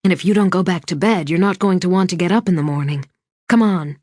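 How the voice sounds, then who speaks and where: A woman reading an audiobook, voicing a worried mother who speaks softly and gently to her child. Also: fairly low pitch, fast, dry recording, clean studio sound, close to an everyday voice. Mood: tender. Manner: soft, hushed and gentle. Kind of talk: audiobook character voice.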